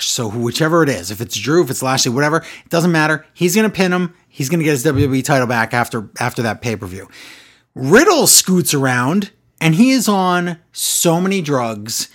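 A man co-hosting a casual wrestling recap podcast, talking in an animated way and acting out quotes in exaggerated voices. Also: on the high side, a little fast.

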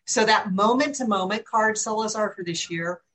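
A woman hosting a spiritual conversation, stretching out her words in slow, emphatic phrases. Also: mid-range voice, fairly bright tone, rough recording. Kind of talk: spiritual talk.

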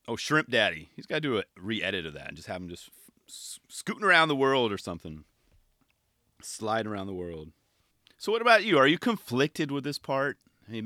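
Animated laid-back skater guy. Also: lowish voice, no echo, clean studio sound. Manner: keeps asking "right?" and "you know". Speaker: skate video reviewer. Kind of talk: casual commentary.

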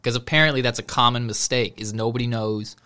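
A man's voice: medium pitch, fairly even intonation, quick pace, sharp tone, clean tone. A man with a light Texan accent, telling stories in a casual podcast chat and laughing easily. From Texas, US. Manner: rambling storyteller, laughs easily.

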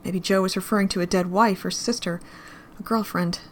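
A woman narrating fan fiction aloud in a grim, measured reading. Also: medium pitch, fairly even intonation, slight background noise.

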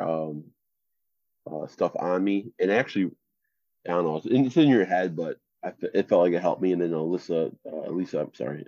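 A lower-voiced man telling meandering stories with plenty of "uh" and "um". His voice is dry and close, but it comes through a slightly dull, lo-fi mic. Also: darkish tone, dry recording. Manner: rambling storyteller, many fillers and laughs. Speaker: podcast co-host. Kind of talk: casual chat.

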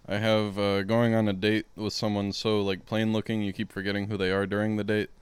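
Dry, smooth-voiced podcast man. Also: lowish voice, flat delivery, fairly quick. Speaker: podcast co-host reading notes. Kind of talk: casual comedy banter.

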